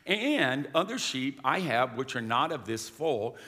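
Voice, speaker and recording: A man's voice: medium pitch, sing-song, unhurried, pushed and bright, in a large hall. A man preaching a sermon as pastor, emphatic and calling the congregation to respond. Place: church sanctuary.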